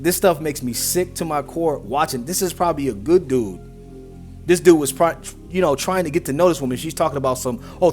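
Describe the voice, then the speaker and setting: A fairly high-voiced man hosts a reaction video, ranting in heated street slang. His casual commentary runs over faint music in the background. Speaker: reaction host.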